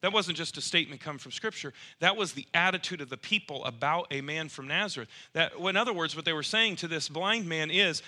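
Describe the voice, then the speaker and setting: A man preaching a sermon in an animated way, acting out the people he quotes and rising toward near shouts. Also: high voice, moderate pace, few pauses.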